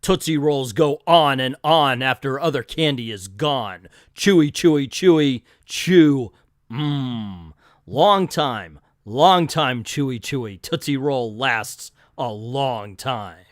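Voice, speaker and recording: A man doing a deep mock-serious ad announcer. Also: expressive, slow pace, dry recording, clean studio sound. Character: male serious old-time commercial announcer.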